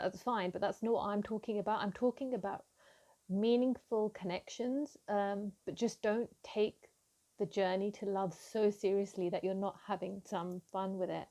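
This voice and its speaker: A woman giving a gentle, affirming tarot reading to camera, with frequent ums and restarts. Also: mid-range voice. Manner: giggly and excited at times. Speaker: tarot reader.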